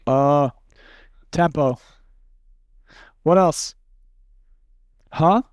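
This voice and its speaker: A man leading a live seminar workshop, talking bluntly and casually, running demonstrations with volunteers and slipping into quick acted snippets. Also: fairly high pitch, no room sound, clean studio sound. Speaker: seminar speaker.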